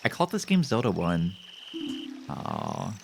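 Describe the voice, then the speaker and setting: Animated, joking male game streamer. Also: sits low, a little slow, vocal fry, over music. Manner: animated, joking, talks to chat; self-mocking. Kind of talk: casual live-stream gameplay commentary.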